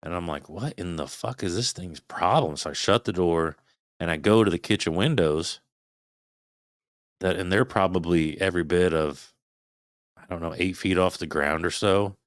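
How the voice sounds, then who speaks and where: A man in his thirties, a podcast guest, telling a frightening personal story in casual, swearing, animated talk. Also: low-pitched, normal speed, pauses often, no echo, clean studio sound. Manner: swearing, animated retelling of a scary night.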